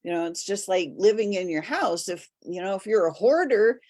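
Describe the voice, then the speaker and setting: A woman talking casually and earnestly, telling stories in a steady way. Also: medium pitch, normal speed. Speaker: host. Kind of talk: casual conversation.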